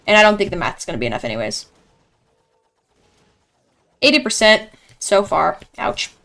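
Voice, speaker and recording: A young woman giving live esports commentary in a chatty, excitable way, reacting loudly to each play. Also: mid-range voice, normal speed, vocal fry. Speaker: esports caster.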